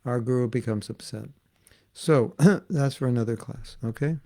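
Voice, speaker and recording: A man with a gravelly, creaky, mid-pitched voice leads an informal devotional class as a spiritual teacher. He tells stories in a chatty, amused way at a moderate pace, sounding mellow, and often acts out the voices of the people in them.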